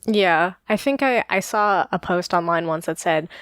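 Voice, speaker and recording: A woman's voice: fairly low pitch, moderate pace, a bit bright, smooth, no echo, clean studio sound. A young woman from New York co-hosting a casual podcast, chatty and laughing often, with lots of filler words. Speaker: podcast co-host. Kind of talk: casual chat.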